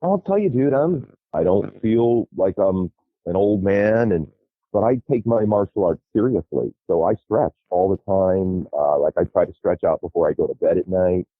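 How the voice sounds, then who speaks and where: A middle-aged man tells his tales with a husky, fairly low voice that leaps up and down with animation. He swears freely and laughs through his stories. The sound is thin and tinny like a phone call, with no room around it. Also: animated, normal speed, dry recording. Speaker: podcast guest. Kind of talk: animated storytelling.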